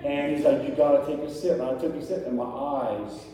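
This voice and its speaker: A man's voice: mid-range voice, steady tone, a little fast, hardly any pauses, noisy background. A middle-aged man preaching a sermon as pastor, speaking conversationally and asking the congregation questions. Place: church sanctuary. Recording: echoey hall from far off.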